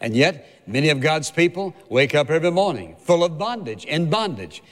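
Earnest male preacher, slightly high voice, emphatic and repetitive, echoing hall. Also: big pitch swings, moderate pace. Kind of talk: sermon.

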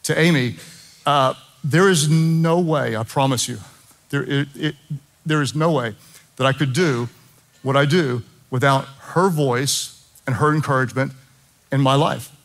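A man's voice: mid-range voice, a little slow, fairly bright tone. A middle-aged man preaching a sermon as pastor, emphatic and impassioned, with jokey asides.

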